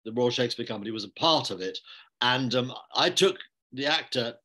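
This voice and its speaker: An older man, a theatre director speaking in an online interview, telling stories in a measured, anecdotal way with frequent restarts. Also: medium pitch, bright, forceful tone. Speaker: theatre and film director, guest. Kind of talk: reflective interview conversation. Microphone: online video call.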